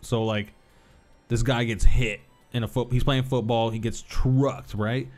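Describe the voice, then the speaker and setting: Man in his thirties, game streamer, mid-pitched voice, rambling, faint music behind. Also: steady tone, measured pace, a little mellow. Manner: rambling storyteller, swears, laughs easily. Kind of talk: casual gaming commentary.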